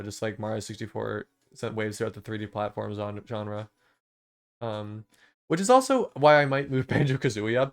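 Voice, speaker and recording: A young man streamer talking casually about games, rambling with many fillers and restarts and swearing when he gets excited. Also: lowish voice, smooth.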